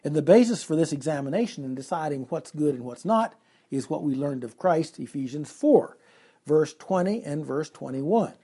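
A man's voice: fairly high pitch, animated, normal speed, dark tone, breathy edge. A man preaching an expository sermon, reading scripture aloud and earnestly explaining it verse by verse.

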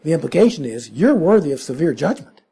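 A man's voice: a little high, sing-song, fast talker, vocal fry, mellow, slightly rough. A man preaching a sermon, emphatic and full of rhetorical questions.

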